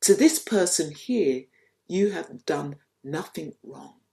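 A woman voicing a serene male spiritual teacher, speaking with calm, kindly plainness. The voice sits fairly low and moves very slowly. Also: gravelly, heavily acted.

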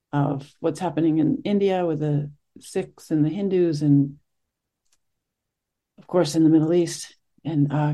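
A middle-aged meditation teacher giving a soft-spoken, reflective talk after a group sit, pausing often and searching for words. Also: medium pitch. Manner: soft-spoken, gentle, searching, with many pauses and fillers.

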